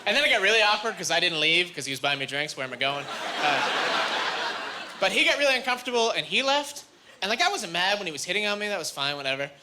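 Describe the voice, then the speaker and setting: A young man doing a stand-up routine on a comedy club stage, animated and jumping into high squeaky voices when acting out scenes. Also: fast talker, noisy background. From Canada. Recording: live club recording with audience laughter.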